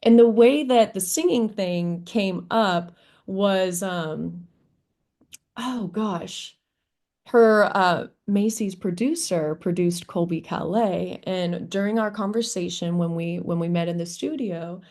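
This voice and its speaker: A guest musician from Kentucky, USA, tells stories in a casual interview, animated and laughing often as she acts out quotes. Her voice is hoarse and on the low side, and she takes it slowly.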